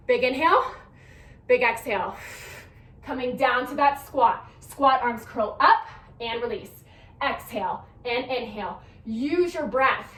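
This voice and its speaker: A woman's voice: a little high, measured pace, long pauses, a bit bright. A young woman fitness instructor cueing a workout class, counting down reps in an upbeat coaching manner while a little out of breath. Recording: echoey room, mic at a distance.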